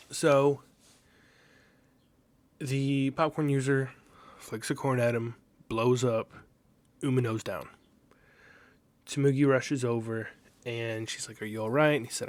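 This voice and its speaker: A man's voice: medium pitch, no echo. Enthusiastic man rambling about manga. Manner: enthusiastic, rambling, recaps the plot in quoted voices. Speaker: manga reviewer. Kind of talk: casual solo review commentary.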